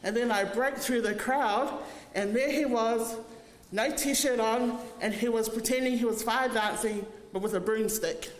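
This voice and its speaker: A woman's voice: on the high side, a little slow. A woman, giving a funeral eulogy as a family member and telling fond, humorous stories. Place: church hall. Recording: echoey church hall, faint noise.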